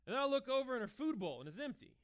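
This thirtysomething pastor races through his sermon in a very high-pitched voice. His delivery is animated and conversational, punctuated by short acted-out dialogues.

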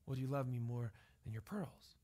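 A man voicing a loving father who asks his daughter gentle questions at bedtime. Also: medium pitch, a little fast, lightly acted. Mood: tender. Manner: calm, tender questioning.

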